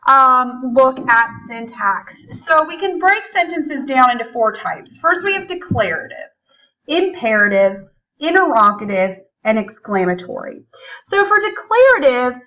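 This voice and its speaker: A woman, a high school English teacher, explaining grammar in a chatty lecture with frequent fillers. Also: pushed and bright, low-quality recording. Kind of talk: recorded classroom lecture.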